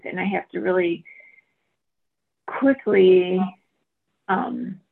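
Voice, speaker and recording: A woman internal coach explains her approach slowly and thoughtfully. Her voice is gravelly and husky and comes through a tinny, phone-like line. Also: mid-range voice. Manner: slow, thoughtful. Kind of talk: group discussion.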